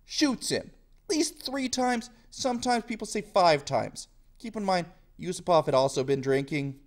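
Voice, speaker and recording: A man's voice: high voice, lively intonation, normal speed. A male history teacher giving a casual video lecture in a jokey style full of slang.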